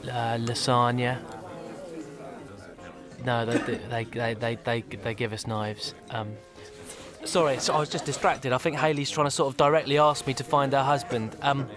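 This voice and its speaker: A man's voice: mid-range voice, steady tone, normal speed, over music, lightly acted. An actor playing an awkward, rambling young Englishman at a wedding, talking in hesitant stammers and nervous laughs. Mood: distracted. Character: awkward rambling man at a wedding, fumbling and overeager. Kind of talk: radio comedy monologue.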